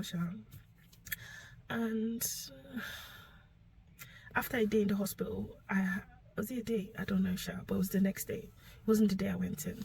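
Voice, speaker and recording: A young woman telling a painful personal story to camera, emotional and halting, sometimes sinking to a whisper. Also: medium pitch, fairly even intonation, gravelly, darkish tone, a little hiss or hum, rough recording. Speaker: vlogger sharing her story.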